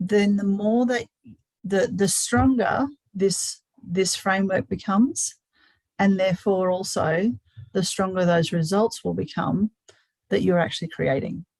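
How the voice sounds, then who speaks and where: A woman's voice: mid-range voice, measured pace, darkish tone, dry recording, low-quality recording. A woman hosting a live webinar, talking earnestly and often repeating words as she thinks aloud. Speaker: webinar host. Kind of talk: live-streamed webinar talk.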